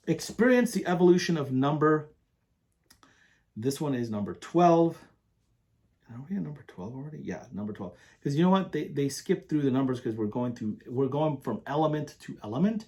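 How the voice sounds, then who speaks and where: A man reviewing perfumes in a casual, enthusiastic, rambling way, often pausing to read product descriptions aloud. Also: medium pitch, darkish tone.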